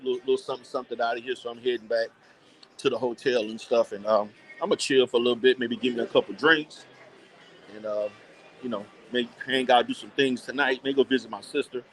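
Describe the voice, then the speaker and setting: A man chatting casually with live viewers while shopping in a mall, blunt and animated, laughing often and repeating himself. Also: medium pitch, fast talker.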